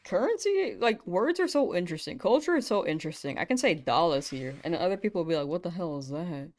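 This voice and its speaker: A woman's voice: lowish voice, big pitch swings, fast, a little mellow. A young woman from the United States chatting casually with viewers on a live game stream, giggling often between remarks.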